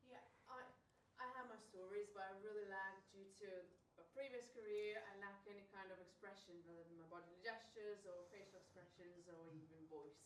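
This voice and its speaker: Brief: woman, audience member, unsure and halting, distant and echoey. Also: medium pitch, fairly even intonation. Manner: hesitant, self-doubting. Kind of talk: asking a question at a workshop. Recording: roomy, distant, faint noise.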